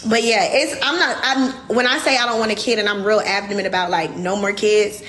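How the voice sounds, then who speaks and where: A woman's voice: mid-range voice, fairly even intonation, fairly quick, a bit bright, slight background noise. A young woman, hosting a casual livestream and speaking candidly and emotionally to her viewers. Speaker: livestream host.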